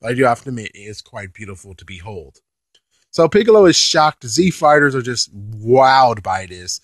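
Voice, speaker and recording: Speaking at a moderate pace with a medium pitch, a male anime reviewer gives laid-back thoughts on an episode. He's animated, cusses freely and laughs mid-sentence, with no room sound audible.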